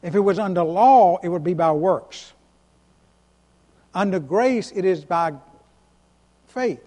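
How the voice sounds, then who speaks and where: Preaching as pastor, a man stresses single words, repeats himself, and asks the congregation to answer back in an emphatic style. His high voice is warm and unhurried, trailed by long reverb.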